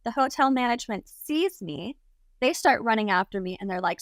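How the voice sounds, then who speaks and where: A woman's voice: a little high, lively intonation, brisk, no echo, clean studio sound. A young adult woman, a podcast guest, telling a story casually with lots of "like" and acted-out quotes. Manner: chatty, lots of "like", acts out quotes. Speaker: guest, content creator.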